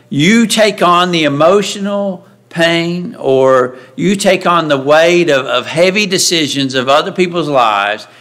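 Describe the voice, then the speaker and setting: Conversational preacher man, slightly high voice. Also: fairly bright tone. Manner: conversational, asks the congregation frequent rhetorical questions; acts out the voices of Bible figures when quoting them. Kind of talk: sermon. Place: church sanctuary.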